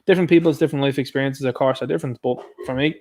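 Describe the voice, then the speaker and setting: A man's voice: mid-range voice, steady tone, very fast, a little mellow. A man hosting a livestream, chatting casually and reading out viewers' comments and answering them. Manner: chatty, talks back to chat comments. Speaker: livestream host.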